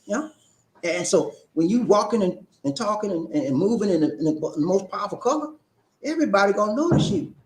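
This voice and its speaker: A man hosting a live-stream talk show, reading viewer comments and calling out shout-outs in an animated, preacher-like way. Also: high-pitched, a little fast, reverberant.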